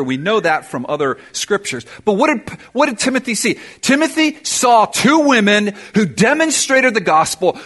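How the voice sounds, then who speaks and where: A man preaching a sermon to his church congregation, energetic and emphatic, with punchy exclamations. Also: high-pitched, husky. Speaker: pastor. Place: church service before a congregation.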